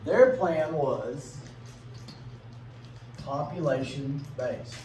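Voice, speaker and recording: In a classroom lecture, a casual male teacher of medium pitch chats with the students, poses questions and slips into funny voices for quick bits. The sound is echoey and distant, with faint room noise.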